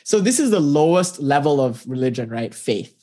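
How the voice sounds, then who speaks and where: A spiritual teacher giving a talk built around parables. The speaker is animated and casual, with plenty of fillers, and keeps turning to the listener with rhetorical questions. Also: medium pitch, moderate pace.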